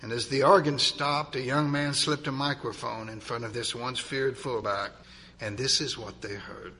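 A man narrating a dramatic story, swinging from loud, urgent passages to hushed ones. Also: mid-range voice, steady tone, normal speed.

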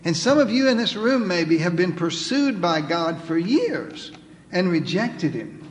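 A man with a high, lifted voice preaches from the pulpit, reading scripture aloud with emphasis. He swings from forceful declarations down to soft, pleading appeals. A long hall reverb trails each phrase. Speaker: pastor. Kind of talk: sermon. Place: church sanctuary.

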